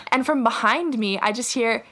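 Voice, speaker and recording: Young woman on a video call podcast, animated, laughs a lot, says like constantly, kinda high voice. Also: moderate pace. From Canada. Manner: animated storyteller, lots of "like" and laughter. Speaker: guest, TikTok creator. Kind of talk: casual podcast chat. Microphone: remote video call.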